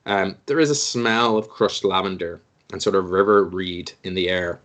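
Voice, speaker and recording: A man's voice: low-pitched, fairly even intonation, normal speed, fairly bright tone. A man running a tabletop game as game master, narrating in a meandering, hesitant way full of fillers.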